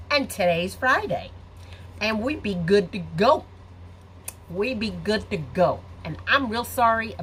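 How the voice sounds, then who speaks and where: Middle-aged woman hosting a live makeup stream, chatty and rambling, slow unhurried delivery with lots of swing in her pitch. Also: a bit bright, slight background noise. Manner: chatty, rambling, talks to viewers. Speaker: makeup livestream host. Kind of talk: casual live makeup tutorial. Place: home or salon with ring light. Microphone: phone camera.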